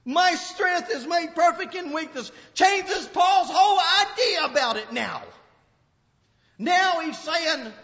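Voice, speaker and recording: High-voiced impassioned male preacher, echoing hall. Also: lively intonation, slow. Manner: impassioned, swinging from loud outbursts to low murmurs. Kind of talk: sermon. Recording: dull lo-fi recording with long hall reverb.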